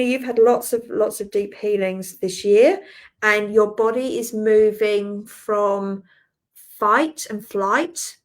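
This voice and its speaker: Chatty Australian woman in her forties, mid-pitched. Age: 40s. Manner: rambling, chatty, laughs often, answers viewers by name. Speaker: spiritual healer hosting a group live. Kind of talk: casual live-stream chat.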